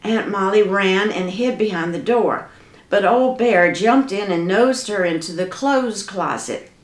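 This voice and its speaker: A woman's voice: medium pitch, measured pace. Folksy woman telling a tale. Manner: lively, dramatic, folksy. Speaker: storyteller. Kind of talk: folk tale storytelling. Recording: echoey room.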